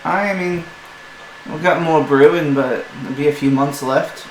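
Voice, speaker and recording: A man voicing a rude, bossy female dwarf shopkeeper with a shrill, higher-pitched voice who curses at her customers. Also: unhurried. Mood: brusque. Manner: curses and snaps at people. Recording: echoey room with some noise.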